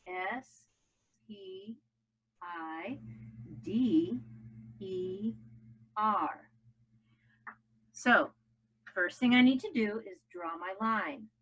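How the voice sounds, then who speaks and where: A woman's voice: mid-range voice, drawn-out words, pauses often, fairly bright tone, husky. Upbeat woman teaching phonics. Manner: upbeat, coaxing children to chant along. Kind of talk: phonics lesson for children. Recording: dull lo-fi home video audio.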